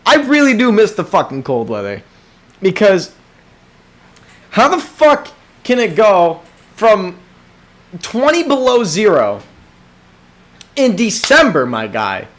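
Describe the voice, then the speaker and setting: A man's voice: high-pitched, slow pace, long pauses. A young man hosting a solo podcast, rambling and swearing as he rants into a desk microphone in a small room. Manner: profane, rambling, animated rants. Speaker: podcast host.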